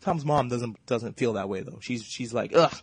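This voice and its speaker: A man hosting a casual podcast, recapping a cartoon episode in a fast, profane, joking way. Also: medium pitch, husky, dry recording.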